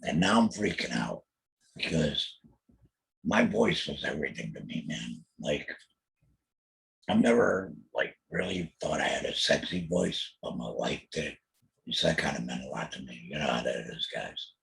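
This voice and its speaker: Gravelly, rough alaryngeal man's voice. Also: rumbling low, animated, a little slow, a bit bright, low-quality recording. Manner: blunt and profane, rambling, keeps asking "you know what I mean". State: speaking after a total laryngectomy, alaryngeal voice. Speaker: podcast host. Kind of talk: casual podcast monologue.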